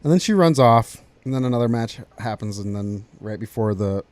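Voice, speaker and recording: Man, podcast co-host, casual wrestling recap, animated, dry close sound. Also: lowish voice, a little fast, dry recording. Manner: animated storyteller, acts out quotes.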